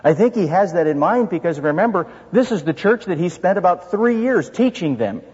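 A man's voice: sits high, sing-song, a little fast, a little mellow, breathy edge. A man preaching an expository sermon as pastor, earnest and full of rhetorical questions. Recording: dull reverberant hall sound.

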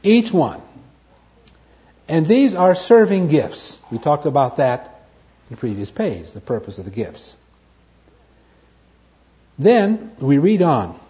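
A man's voice: on the high side, big pitch swings, measured pace, long pauses, mellow. A man teaching a Bible study lecture, stressing key words, repeating them and asking and answering his own questions. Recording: dull lo-fi recording.

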